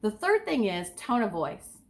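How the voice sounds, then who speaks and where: A woman's voice: mid-range voice, unhurried. An enthusiastic woman giving an instructional talk as a speaking coach, asking her listeners direct questions. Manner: enthusiastic, sometimes overly excited.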